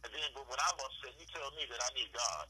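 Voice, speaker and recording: A man's voice: mid-range voice, expressive, quick pace, noisy background. A man talking casually with his son, giving fatherly advice and acting out both sides of family arguments. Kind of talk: casual heart-to-heart talk.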